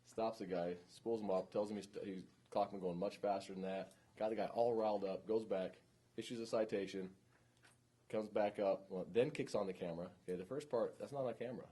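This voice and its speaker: A man's voice: on the low side, steady tone, fairly quick, warm tone, slightly rough. A man teaching a police training class, speaking informally and often checking in with the room.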